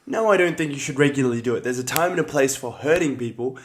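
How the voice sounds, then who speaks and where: A young man with an Australian accent talks through a casual livestream in a relaxed, chatty way. His voice sits at a middle pitch, and he laughs easily as he greets viewers between his points. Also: quick pace, a little hiss or hum. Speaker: livestream host, combat sports athlete. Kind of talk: casual livestream chat reading comments.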